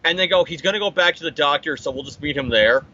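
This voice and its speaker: Bright-voiced man recapping comics, muffled audio. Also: fairly high pitch, fast. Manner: animated, profane, acts out character quotes. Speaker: podcast co-host. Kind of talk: casual comic book recap.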